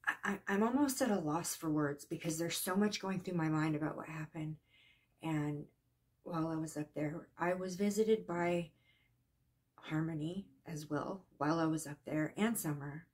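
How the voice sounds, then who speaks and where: A woman telling a personal story in a casual, earnest way, halting and shaken at times. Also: sits low. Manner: earnest, emotional, halting with restarts. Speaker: psychic vlogger.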